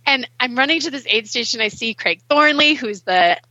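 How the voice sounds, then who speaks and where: Bright, animated woman guest. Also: high-pitched, dry recording. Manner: animated, emotional, quick bursts with laughs. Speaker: guest ultrarunner. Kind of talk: casual podcast interview. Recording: muffled dry recording.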